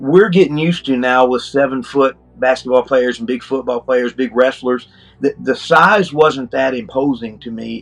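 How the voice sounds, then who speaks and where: A middle-aged man recounts his experience as a podcast guest, earnest and a little halting as he restarts his sentences. His voice sits at an ordinary middle pitch. Faint music plays quietly in the background. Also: vocal fry. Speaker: interview guest. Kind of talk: casual storytelling.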